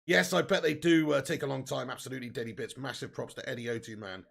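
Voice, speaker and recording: A man's voice: mid-range voice, steady tone, quick pace, gravelly, fairly bright tone. A man hosting a live football watch-along, joking, laughing often and reading out viewer comments. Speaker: live stream host.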